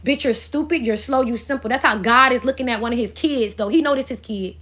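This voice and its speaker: High-voiced blunt woman giving a reading. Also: brisk, fairly bright tone. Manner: blunt, profane, rambling. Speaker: spiritual reader. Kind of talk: casual astrology reading.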